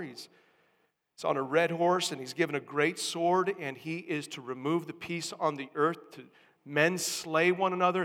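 A male pastor delivers a sermon, explaining step by step and pressing hard on key words. His voice sits a little high for a man. It rings out with the long reverb of a church hall. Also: fairly bright tone. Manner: teaching, building emphasis on key words.

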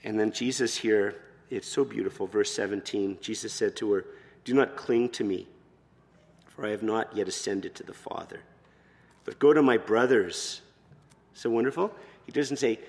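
A man preaching a sermon as pastor, expressive, moving between quiet, soft passages and loud emphatic ones. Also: fairly low pitch, normal speed, big-room sound.

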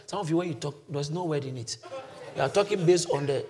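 A male pastor preaching a sermon, swinging from quiet teaching to shouted calls that the congregation answers. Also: a little high, quick pace. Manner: congregation shouts back responses.

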